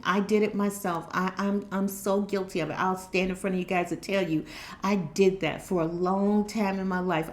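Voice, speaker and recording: A woman's voice: mid-range voice, darkish tone. Woman doing a spiritual pep talk, earnest and preachy, circles back on her points. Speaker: spiritual reader.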